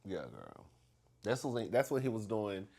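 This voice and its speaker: A man chatting straight to his viewers in a storytime vlog. His pitch swings high and low as he gossips, and he keeps calling everyone "girl" and laughing between lines. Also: wildly swooping pitch, measured pace, vocal fry, darkish tone, slightly rough. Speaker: vlog host.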